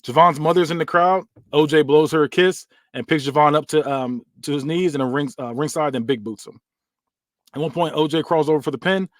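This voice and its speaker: A man's voice: a little high, brisk, no room sound. A young man, a podcast host, casually narrating a made-up wrestling story with frequent fillers. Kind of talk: fantasy booking narration.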